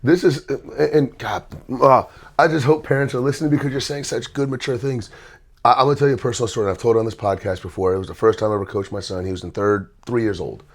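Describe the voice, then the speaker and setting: A man's voice: mid-range voice, quick pace. A man hosting a podcast and working as a basketball trainer, enthusiastic, telling personal stories. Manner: enthusiastic, storytelling. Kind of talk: podcast conversation.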